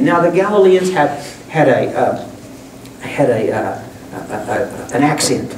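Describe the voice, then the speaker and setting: A man's voice: on the high side, expressive, moderate pace, a little mellow, slight background noise. A man preaching a sermon as pastor, talking in a folksy, conversational way with frequent restarts. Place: church sanctuary. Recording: echoey room, distant mic.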